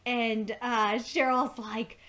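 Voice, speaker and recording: Casual reviewer, woman, high voice, loose, profane rambling recap. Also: level tone, takes it slowly, fairly bright tone. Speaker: TV episode reviewer.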